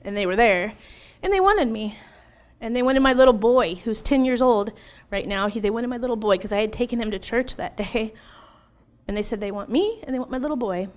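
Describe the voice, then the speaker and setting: A middle-aged woman in an interview, telling her personal testimony in an emotional, animated way, laughing often and acting out what she once said. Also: fairly high pitch, fairly quick. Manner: animated, laughs often, acts out her own past words.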